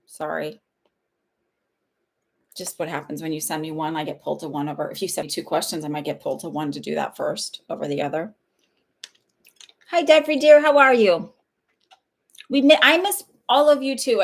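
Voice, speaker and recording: A woman in her thirties with a slightly low voice talks casually to viewers on a livestream. She rambles from story to story, laughing often, with a relaxed and friendly manner. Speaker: psychic medium hosting live readings.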